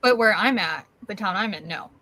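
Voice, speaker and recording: A woman co-hosting a podcast, making quick, frank remarks in casual chat. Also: medium pitch, animated, pushed and bright. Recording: faint background noise.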